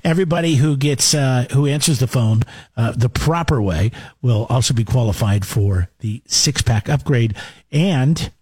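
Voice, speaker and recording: A man's voice: mid-range voice, moderate pace, a little mellow, husky, no echo. A man hosting a radio morning show, chatting casually and reading out contest details. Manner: chatty, laughs easily, reads contest details.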